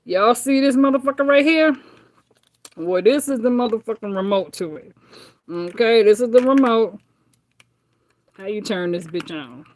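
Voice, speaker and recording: A woman's voice: fairly high pitch, expressive, moderate pace, long pauses. A woman tarot reader chatting casually with viewers, brash and profane, laughing often.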